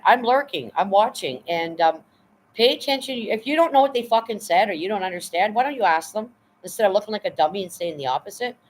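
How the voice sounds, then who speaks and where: A woman's voice: medium pitch, slight background noise, poor audio. A woman hosting her live stream in casual chat, blunt and profane, rambling as she reads and answers her chat. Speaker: livestream host.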